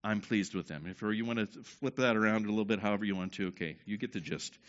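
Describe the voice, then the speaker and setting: Pastor guy running his church through a little exercise, bright voice, kinda muffled lo-fi recording. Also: fairly low pitch, fairly even intonation, fast talker. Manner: leads the crowd with repeated "okay?" checks. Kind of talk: sermon with congregation activity. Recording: dull lo-fi sound.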